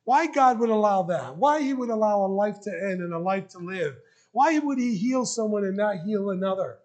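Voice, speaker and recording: High-voiced man preaching with emotion. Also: expressive, moderate pace, darkish tone. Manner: emotional, earnest preaching with rising emphatic questions. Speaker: pastor. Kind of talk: sermon. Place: church sanctuary.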